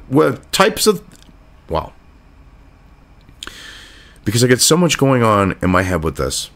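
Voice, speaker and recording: A man's voice: sits high, a bit bright. A man ranting in political commentary, profane, sarcastic and indignant.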